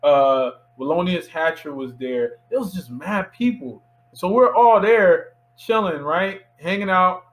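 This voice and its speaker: A man in his thirties from Miami, a filmmaker guest telling a lively anecdote in a casual interview and acting out the voices of people in it. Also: high voice, measured pace, hardly any pauses, low-quality recording. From Miami, USA. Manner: animated anecdote teller who acts out quoted voices.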